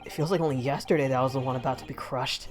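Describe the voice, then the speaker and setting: A woman voicing a nervous young male lawyer from a game, in a lowered, subdued voice. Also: steady tone, very fast, music in the background. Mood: tense. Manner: low, subdued, anxious.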